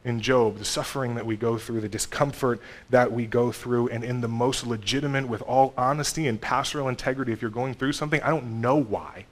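Animated man preaching a sermon. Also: mid-range voice, a little fast, hardly any pauses. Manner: conversational, animated with sudden loud and soft turns. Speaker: pastor.

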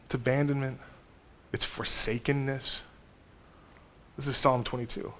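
A man in his thirties delivers a sermon as a pastor. He talks to the congregation in a conversational way. His voice swings from emphatic, raised lines to quiet, low asides. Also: unhurried. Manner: conversational, animated with sudden loud and soft turns.

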